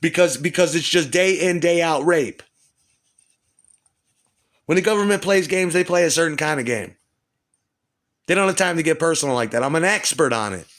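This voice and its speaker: A man's voice: a little high, animated, normal speed, long pauses, a bit bright. A man at home delivering an agitated, profane, rambling rant. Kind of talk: rambling monologue to camera. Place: at home indoors.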